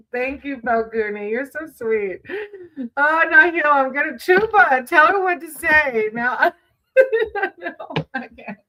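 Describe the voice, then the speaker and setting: A chatty woman livestreamer talks to her viewers between tarot readings. She giggles a lot, fills her sentences with likes and ums, and calls people sweetie. Her voice sits a little high and sounds very bright. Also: expressive, takes it slowly, pauses often, rough recording. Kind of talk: casual livestream chat with viewers.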